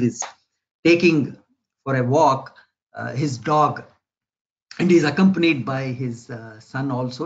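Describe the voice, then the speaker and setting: A man's voice: mid-range voice, muffled recording. A man giving a lecture in a conversational way, often checking in with his listeners. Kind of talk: spoken lecture.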